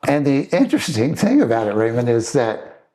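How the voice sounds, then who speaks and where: An older man, a screenwriter and director, telling long animated anecdotes in an interview and acting out the voices of the people he quotes. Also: medium pitch, fairly quick. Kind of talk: storytelling interview.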